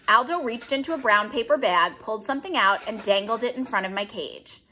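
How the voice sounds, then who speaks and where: A woman reading a children's story with a clear, bright voice and a very lively pitch. She narrates expressively, leaning into each line. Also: fairly quick, a little hiss or hum. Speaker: audiobook reader.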